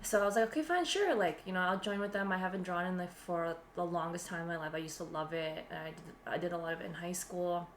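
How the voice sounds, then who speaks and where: A woman's voice: fairly low pitch, fast, hardly any pauses, a little hiss or hum. Chatty woman telling a story in a roomy space. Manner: rambling, animated retelling with frequent laughs and fillers. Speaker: podcast co-host. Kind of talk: casual storytelling chat. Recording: roomy echo.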